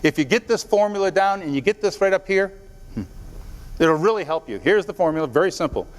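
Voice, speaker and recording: A man's voice: high voice, lively intonation, brisk. A man giving an earnest motivational speech to a live audience, telling stories and talking straight to the crowd. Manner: storytelling, earnest, directly addresses the audience. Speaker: motivational speaker. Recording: long hall reverb.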